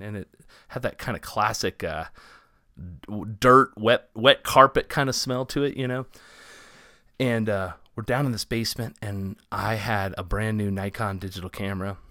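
A man from Ohio, co-hosting a podcast, tells a story in a rambling, casual way full of fillers, and grows animated as it builds. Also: fairly low pitch, no echo, clean studio sound. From Ohio, USA. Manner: rambling, filler-heavy, animated when excited. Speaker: podcast co-host.

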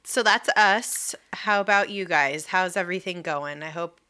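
Woman, podcast co-host, casual rambling chat, pregnant, bright tone. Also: fairly low pitch, normal speed, clear, resonant tone. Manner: chatty, rambling, laughs easily.

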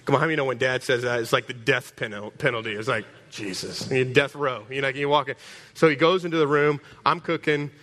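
A man preaching a storytelling sermon, animated, stumbling over repeated words and calling out to the congregation. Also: medium pitch, a little fast. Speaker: pastor.

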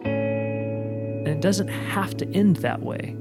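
A man speaking in a measured, earnest and reflective way during a conversation. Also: sits high, animated, creaky. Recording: loud guitar music under the voice.

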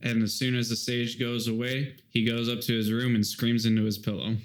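A man's voice: mid-range voice, level tone, a little fast. A man from Colorado telling a rambling story in casual podcast chat, with playful asides.

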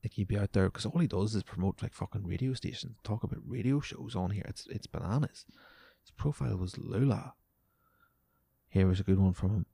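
A man's voice: sits low, fairly even intonation, a little fast, gravelly, dark tone, breathy edge, dry recording. A man hosting a casual solo podcast, sweary and sarcastic, his voice wearing out. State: voice going. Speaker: podcast host.

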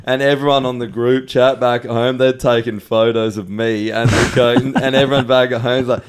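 A man, a band member guesting on a beer podcast, telling a wild story in animated, profane bursts and acting out the other people's lines. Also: medium pitch, a little fast, hardly any pauses. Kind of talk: casual beer podcast chat.

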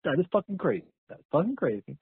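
A man leaves a casual voicemail, cursing and mocking as he goes. His voice is high, husky and swings up and down. It comes through a thin, tinny phone line. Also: very animated, fast. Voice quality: swearing, mocking. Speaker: voicemail caller.

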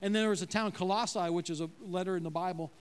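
A man with a fairly high voice preaching a sermon to his congregation. He speaks in a conversational way and keeps asking them questions. When he quotes God, his voice drops low and quiet. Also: fairly even intonation, fast talker, smooth. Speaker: pastor.

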